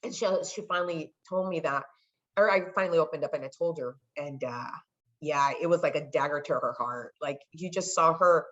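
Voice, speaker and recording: A woman's voice: deep voice, brisk, a bit bright. A woman in her thirties from California, guest on a podcast, telling stories in a chatty way and acting out other people's voices. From California, United States. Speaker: podcast guest, sports marketer. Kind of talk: casual storytelling interview. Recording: slightly dull lo-fi audio.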